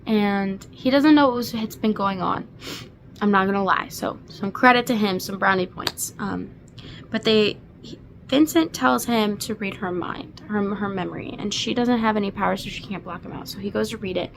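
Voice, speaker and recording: A woman's voice: medium pitch, normal speed, vocal fry, slight background noise. A woman in her twenties giving a casual, emotional book recap, gushing with lots of fillers. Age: 20s. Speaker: book reviewer.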